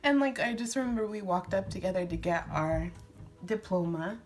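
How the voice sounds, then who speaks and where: Doing her makeup on camera, a young woman shares a sweet love story in an animated, slightly mellow mid-range voice at normal speed, with faint music in the background. Tearful and emotional yet casual, she slips into whispers at times and laughs.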